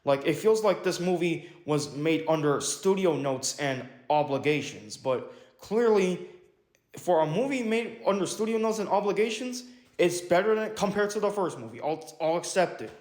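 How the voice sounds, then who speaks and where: A man's voice: sits high, lively intonation, a little slow. A man casually reviewing a movie, rambling with lots of fillers, correcting himself, and swearing now and then. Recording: echoey room.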